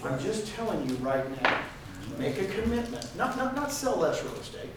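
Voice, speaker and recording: An older conference speaker fires up a live audience with a motivational talk, hammering home repeated phrases. He has a high, very animated voice at normal speed. Recorded from a distance in an echoey hall of a large conference room, the clip carries heavy background noise.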